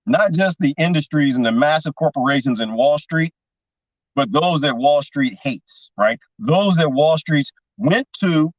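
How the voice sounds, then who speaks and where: A man's voice: on the high side, dry recording, distant mic. A man rambles through a casual livestream, laughing often and sliding into conspiratorial asides as he reads comments. He sits a bit back from the mic. The sound is dry and slightly muffled. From lives in Texas. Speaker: livestream host.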